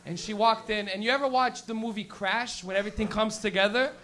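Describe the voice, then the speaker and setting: A man's voice: high-pitched, steady tone, a little fast, pushed and bright. A young man doing a stand-up comedy set on a club stage, telling stories with profanity and laughing at his own jokes.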